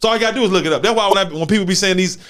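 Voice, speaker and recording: A man's voice: high voice, rapid-fire, fairly bright tone. A man hosting a casual talk show, speaking emphatically in street slang and repeating words for stress. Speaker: show host. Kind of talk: casual chat.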